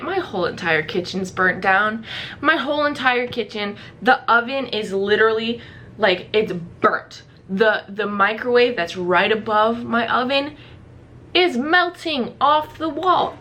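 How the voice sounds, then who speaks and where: A woman's voice: a little high, sharp tone, a little hiss or hum. A young woman vlogger casually telling a story to camera, chatty and full of "like", acting out her own reactions. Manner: chatty, fills speech with "like", acts out her own past reactions.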